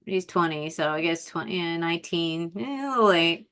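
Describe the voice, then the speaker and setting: A woman hosting a podcast in casual chat, animated, chatty and quick to laugh. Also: on the low side, clean tone. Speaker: podcast host.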